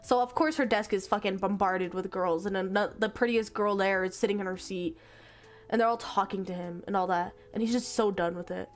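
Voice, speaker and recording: A woman's voice: mid-range voice, steady tone, fairly quick. A young woman streaming, casually retelling a story in a rambling way, full of 'like' and the odd swear.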